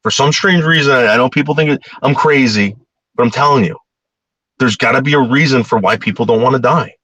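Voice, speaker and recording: A man's voice: medium pitch, a little fast, a bit bright, dry recording. A man talking casually in a rambling monologue, repeating words and growing heated.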